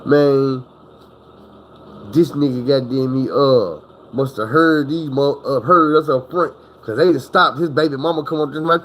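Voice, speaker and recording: A man's voice: mid-range voice, moderate pace, a bit bright, low-quality recording. A man telling a story in a casual, rambling, profane way, acting out the people he quotes.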